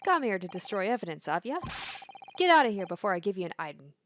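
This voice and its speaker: A woman barking as a gruff English copper. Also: mid-range voice, big pitch swings, quick pace, a bit bright, slight background noise. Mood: hostile. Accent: put-on English. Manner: brusque, barking. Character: gruff male London police officer, hostile.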